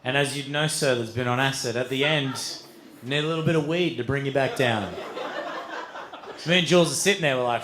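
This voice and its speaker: A man telling a long story on stage as a stand-up comedian, swearing freely and getting animated. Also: medium pitch, a little fast, background noise. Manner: animated, swearing, building to shouts.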